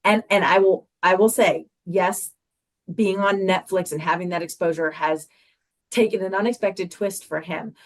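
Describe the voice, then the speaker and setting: Earnest middle-aged mother, lowish voice. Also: moderate pace. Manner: earnest, repeats herself while searching for words. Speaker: guest, mother. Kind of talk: heartfelt podcast interview.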